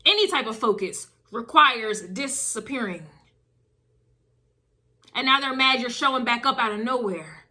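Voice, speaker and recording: A woman's voice: on the high side, expressive, a little slow, long pauses, sharp tone. A woman doing a casual spiritual reading to camera, emphatic and driving her points with repeated phrases. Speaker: tarot reader.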